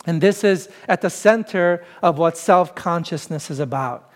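A pastor delivers his sermon in a fairly high male voice. He keeps it conversational, working through the text by putting rhetorical questions to his listeners. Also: normal speed.

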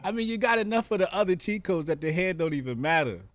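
A man's voice: sits high, animated, fast talker, no room sound. A man hosting a casual show, hyped and slangy, laughing often with his guest. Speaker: podcast host. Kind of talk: casual interview chat.

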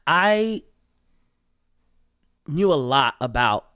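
A man who is a comedian and actor, chatting as a podcast guest, animated and giggly, often jumping into high playful voices. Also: very slow, smooth, no room sound. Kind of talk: casual podcast chat.

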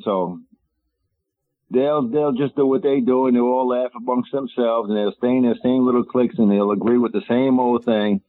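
A man's voice: medium pitch, fairly even intonation, moderate pace, no room sound. A man calling in to a radio talk show, emphatic and indignant, rambling as he talks over the phone. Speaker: caller. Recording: dry tinny phone line.

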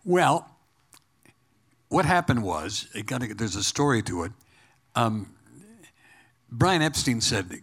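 A man's voice: mid-range voice, a little slow, long pauses, slightly rough. Older man telling an anecdote. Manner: animated anecdote teller, laughs often. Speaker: interview guest, former broadcaster. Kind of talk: casual storytelling interview.

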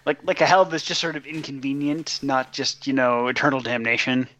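A man's voice: mid-range voice, flat delivery, fairly quick, a bit bright. A man co-hosting a casual sports podcast with dry, wry humor and frequent filler words. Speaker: podcast co-host. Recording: dull lo-fi sound.

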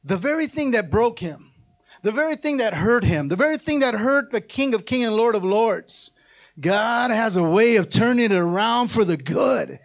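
A man preaching a sermon as pastor, with call-and-response and passages that climb into shouted, half-sung pleas. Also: high voice, expressive, normal speed.

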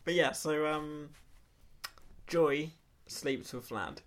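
A man's voice: on the high side, very slow. Man recapping a film, laughing. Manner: laughs often, recaps the plot. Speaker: podcast co-host. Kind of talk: casual film chat.

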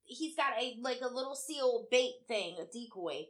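A woman co-hosting a casual chat, telling an animated story with heavy swearing and acted-out quotes. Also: a little high, normal speed.

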